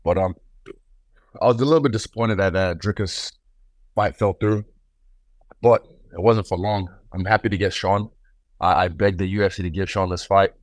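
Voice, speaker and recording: A man's voice: sits low, fairly even intonation, normal speed, long pauses, no room sound, studio quality. A man talking as a guest fighter in a casual interview, laid-back and swaggering, now and then acting out other people's words.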